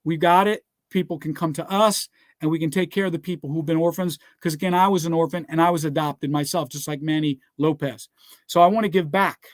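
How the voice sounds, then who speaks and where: A man with a notably high speaking voice gives a motivational speech that mixes business success with scripture. He talks emphatically, keeps asking his listeners to write things down and keeps checking in with "all right?" The sound is dry, with no room echo. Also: steady tone, brisk. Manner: repeats "guess what" and "all right".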